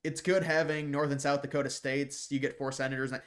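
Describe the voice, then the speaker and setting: A man hosting a casual live stream, reading out viewer questions and answering them off the cuff at an average pitch. He rambles and trips over the starts of his sentences, repeating words before the thought lands, and slips into scornful, mocking asides. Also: flat delivery, a little fast.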